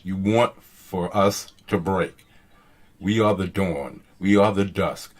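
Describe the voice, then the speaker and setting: A man voicing an ominous, deep-voiced dramatic narrator with a slow, heavy, menacing delivery. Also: expressive.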